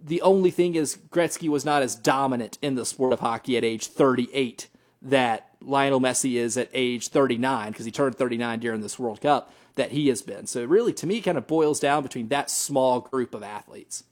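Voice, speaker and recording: A man's voice: mid-range voice, normal speed. A man in a casual sports talk, laying out his reasoning earnestly with small laughs and restarts.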